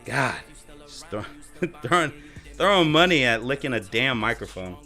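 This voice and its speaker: Bright-voiced joking male streamer. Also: very animated, normal speed, soft background music. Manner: joking, profane, jumps into high mock voices. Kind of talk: casual chat.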